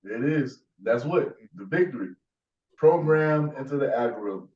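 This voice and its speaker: A man's voice: medium pitch, animated, a little slow. Echoey, distant male preacher, emphatic. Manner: forceful, repeats "man" and "you see". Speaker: teacher. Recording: echoey, distant, dull sound.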